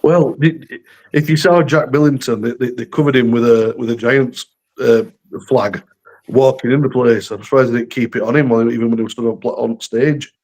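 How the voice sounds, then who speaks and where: A man's voice: medium pitch, fairly even intonation, fairly quick, darkish tone. A man chatting on a rugby fan panel, hesitant with restarts and blunt opinions. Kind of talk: casual panel chat.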